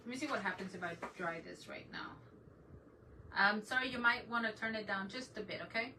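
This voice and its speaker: A middle-aged woman hosting a DIY craft channel chats with her livestream audience and laughs often as she works. She speaks fairly quickly at a medium pitch. Her voice sounds a little distant from the mic, and faint noise sits in the background.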